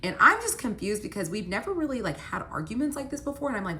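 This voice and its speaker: A woman's voice: mid-range voice, very animated, fast, few pauses, bright, forceful tone. Chatty woman telling a personal story. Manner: chatty, heavy use of "like"; addresses the viewers directly. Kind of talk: casual storytime narration.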